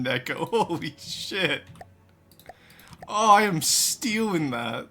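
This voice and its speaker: A live streamer chatting casually with chat, excitable, swearing freely and breaking into loud laughing fits. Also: mid-range voice, slow pace, long pauses.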